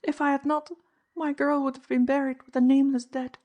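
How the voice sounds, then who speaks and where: A woman's voice: high-pitched, level tone, fairly quick, a little mellow, pitched above the performer's own voice, lightly acted. Woman doing a tearful pleading housekeeper. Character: distraught middle-aged housekeeper woman, confessing.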